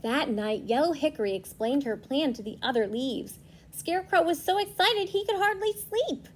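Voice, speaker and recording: A young woman, a preschool teacher, reading a storybook aloud to children and gently asking them questions. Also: sits high, expressive, normal speed, a little hiss or hum.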